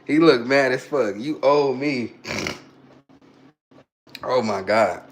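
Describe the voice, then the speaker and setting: A man's voice: medium pitch, slow pace. A man chatting casually on a phone livestream, joking and reading his chat aloud while queasy and burping after a hot sauce shot.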